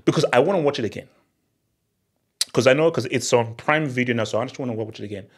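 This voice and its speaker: A young man chatting casually to camera as a movie vlogger, excitable and slangy, often repeating himself and laughing. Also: medium pitch, quick pace, breathy edge.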